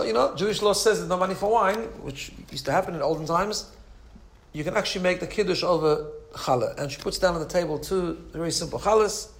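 Animated male religious teacher. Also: a little high. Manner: animated storyteller, frequent restarts and asides. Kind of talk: storytelling lesson.

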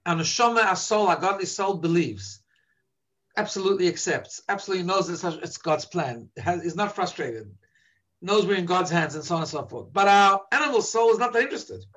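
A man's voice: sits high, animated, fairly quick, a bit bright. A man teaching an informal religious talk to a live audience, telling stories and checking in with "right?". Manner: storytelling, frequent "right?" checks.

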